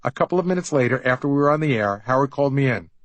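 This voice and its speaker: A man's voice: medium pitch, animated, rapid-fire, no room sound, rough recording. A middle-aged man narrating his own memoir as an audiobook, in a wry, conversational storytelling manner.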